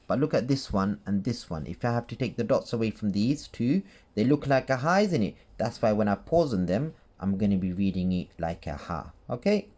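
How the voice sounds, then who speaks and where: A man's voice: on the low side, lively intonation, normal speed, darkish tone. A man teaching Quran recitation rules in a casual tutorial, patient, repeating points and checking in with "okay?" and "right?".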